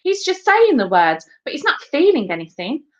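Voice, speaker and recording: A woman's voice: sits high, huge pitch swings, moderate pace, highs cut off, pitched above the performer's own voice. A woman playing a blunt critical schoolboy. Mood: scornful.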